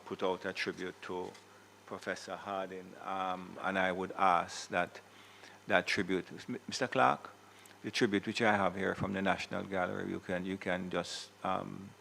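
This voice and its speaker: A man presiding over a legislative chamber, speaking in a very low, gravelly voice. His delivery stays flat and even as he gives a formal tribute. He is measured and correct, catching and fixing his own small slips. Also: slight background noise, rough recording. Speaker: Senate president.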